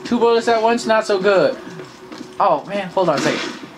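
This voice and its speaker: A young man playing a video game with a friend, excitable and joking around in casual chat. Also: sits high, moderate pace, over music. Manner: excitable, jokey, breaks into silly bits. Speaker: gamer. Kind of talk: casual let's play chat. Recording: noisy home recording.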